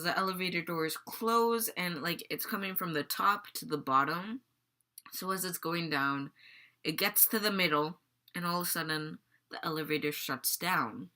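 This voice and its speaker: A woman's voice: deep voice, normal speed, pushed and bright. A teenage girl vlogging casually, rambling and giggling as she retells a dream. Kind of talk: casual storytelling vlog.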